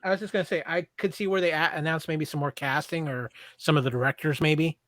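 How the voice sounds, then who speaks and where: A man's voice: fairly high pitch, steady tone, fast talker, fairly bright tone, no echo. A man co-hosting a podcast in casual chat, eager and speculative, stumbling over restarts. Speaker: podcast co-host.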